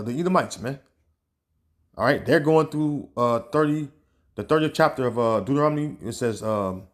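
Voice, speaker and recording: A man giving informal religious teaching, talking loosely with many fillers and reading passages aloud as he searches for them. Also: mid-range voice. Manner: casual, peppered with "man" and "all right"; reads scripture and news aloud, pausing to search. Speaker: online preacher.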